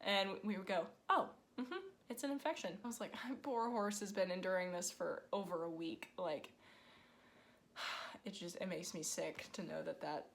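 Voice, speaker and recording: A woman's voice: lowish voice, fairly even intonation, normal speed, creaky. A young woman vlogger telling a story in a casual, chatty way, full of "like", acting out what people said. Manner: chatty, lots of "like", acts out quoted people. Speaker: vlogger, horse owner.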